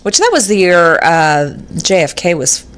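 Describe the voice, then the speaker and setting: A woman's voice: fairly low pitch, expressive, measured pace, a bit bright, smooth. A woman co-hosting a podcast, reading out trivia facts in casual chat, giggly and often exclaiming. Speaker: podcast co-host.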